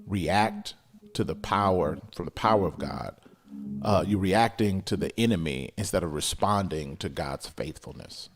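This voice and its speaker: A man preaching a sermon, repeating phrases and building in intensity. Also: sits low. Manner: preaching with rising intensity and repetition. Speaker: pastor.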